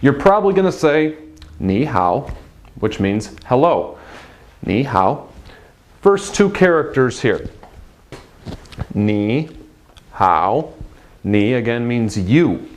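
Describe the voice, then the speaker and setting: A man teaching a beginner language lesson, patiently explaining and repeating phrases slowly for practice. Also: mid-range voice, big pitch swings.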